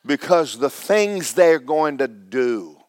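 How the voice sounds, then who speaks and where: A man preaching a sermon, loud and emphatic at times and sinking to a hushed near-whisper at others. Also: a little high, lively intonation, takes it slowly, no room sound, studio quality.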